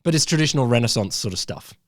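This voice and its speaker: A man's voice: mid-range voice, animated, no room sound, clean studio sound. A man co-hosting a podcast, joking along in a playful, casual way. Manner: playful, quick to joke and laugh along. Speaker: podcast co-host. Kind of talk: casual chat.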